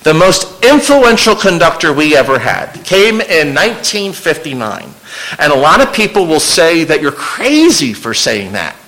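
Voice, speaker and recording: A man's voice: fairly high pitch, very animated, measured pace, fairly bright tone, poor audio. A man giving an informal illustrated history lecture to an audience, conversational and with wry asides. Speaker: local historian giving a slide talk.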